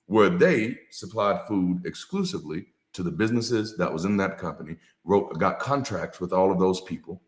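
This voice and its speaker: A man, a former pastor, giving a casual motivational talk with a preacher's cadence, repeating key lines and dropping slang and swear words. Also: lowish voice. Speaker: ex-pastor and co-host. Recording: echoey room.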